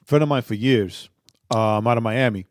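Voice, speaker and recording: A man's voice: medium pitch, moderate pace, no room sound, studio quality. A man co-hosting a podcast, chatting casually with jokey, teasing banter. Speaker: podcast co-host. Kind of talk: casual chat.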